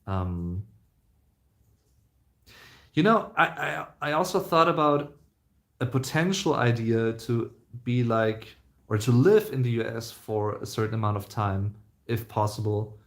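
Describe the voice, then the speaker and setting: Young male streamer, rambling casual Q&A chat, mid-pitched, full of ums. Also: lively intonation, unhurried, vocal fry, pauses often. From Germany. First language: German. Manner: chatty, rambling, with many fillers and restarts. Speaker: live streamer.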